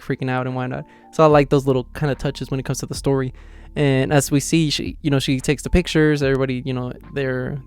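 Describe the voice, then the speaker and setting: Guy reacting to a manga chapter, smooth clear voice, kinda flat, says like a lot, faint music behind. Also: mid-range voice. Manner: rambling, heavy with fillers like "like" and "you know"; excited, acts out characters' lines in his own voice. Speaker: manga reviewer. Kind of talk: casual reaction commentary.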